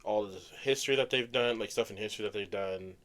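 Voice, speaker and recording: A man's voice: lowish voice, fast, a bit bright. A young man co-hosting a podcast, chatting casually in a laid-back, rambling way with slang. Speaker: podcast co-host. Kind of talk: casual chat.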